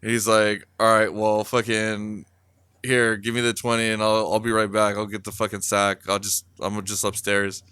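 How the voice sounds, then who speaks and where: Low, smooth-voiced man telling a rambling story. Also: level tone, moderate pace, bright, forceful tone, no echo. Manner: rambling, profane, many fillers. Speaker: podcast co-host. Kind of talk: casual storytelling.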